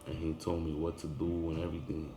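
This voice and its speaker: Deep-voiced man telling an intense story. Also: level tone, fast talker. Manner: intense, emphatic, drifts louder and quieter. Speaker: barber telling a personal story. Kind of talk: casual spoken monologue. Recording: echoey room with background noise.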